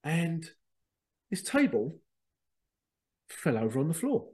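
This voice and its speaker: A man, a spiritual medium, casually telling a rambling, excitable story, repeating himself and swearing now and then. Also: a little high, takes it slowly, husky. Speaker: spiritual medium and podcast host.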